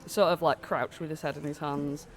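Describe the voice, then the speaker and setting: A man's voice: a little high, little pitch movement, moderate pace, music in the background. A man narrating as game master of a tabletop game, rambling with lots of fillers while he has a cold.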